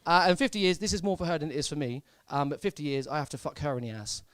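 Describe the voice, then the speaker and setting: A young man from Southampton doing a live stand-up set in a comedy club, deadpan and hesitant, full of fillers and repeats. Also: on the high side, fast talker, clean tone, no echo. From Southampton, England.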